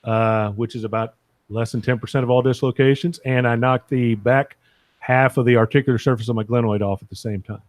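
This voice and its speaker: A man's voice: medium pitch, steady tone, a little fast, no room sound. A man co-hosting a sports medicine podcast, giving frank, emphatic opinions in casual panel talk.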